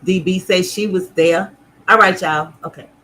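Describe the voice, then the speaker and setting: A woman hosting a sewing livestream in casual chat, loud, extra and playful as she talks to her viewers from an indoor sewing room. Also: lowish voice, fairly even intonation, normal speed, low-quality recording.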